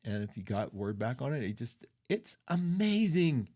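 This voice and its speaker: A middle-aged man hosting an astrology livestream. His delivery is chatty and loose, emotional and quick to give an opinion. His voice sits at an ordinary pitch for a man. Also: sing-song, mellow. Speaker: astrology show host. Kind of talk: casual livestream talk.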